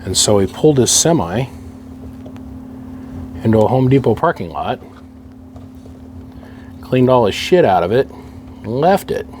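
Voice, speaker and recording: A man's voice: medium pitch, big pitch swings, measured pace, pauses often, a little mellow, slight background noise. A middle-aged man talking casually to himself while he works on equipment, wry and grumbling as the job fights him. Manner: wry, grumbling, talks to himself over a stubborn task. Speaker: radio hobbyist working on an amplifier. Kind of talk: casual rambling monologue while working.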